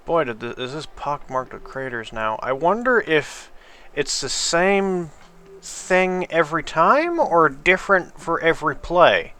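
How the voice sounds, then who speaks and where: A man's voice: on the high side, big pitch swings, a little slow, pushed and bright. A sleepy man casually commenting on his gameplay, thinking aloud at a drifting pace. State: sleepy, yawning. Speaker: gameplay video host.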